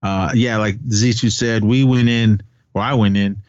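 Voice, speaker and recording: A man's voice: fairly low pitch, fairly even intonation, a little slow, dry recording. A man co-hosting a podcast from home, talking films in a rambling, self-correcting casual chat. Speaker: podcast co-host reviewing films. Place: at home with a child nearby. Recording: dull lo-fi dry recording.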